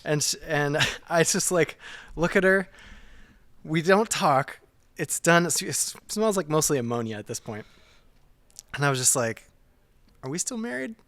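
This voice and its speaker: A man telling a story as a podcast guest, animated and laughing, swinging from hushed to loud. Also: on the high side, normal speed, pauses often, dry recording. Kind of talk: casual storytelling.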